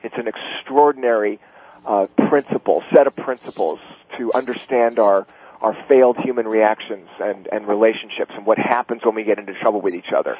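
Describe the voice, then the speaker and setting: A man's voice: fairly low pitch, fairly quick, darkish tone, slightly rough. A man working as a couples therapist, explaining anger in couples in an earnest, teaching way with wry asides. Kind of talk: radio talk. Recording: dry phone-line radio sound.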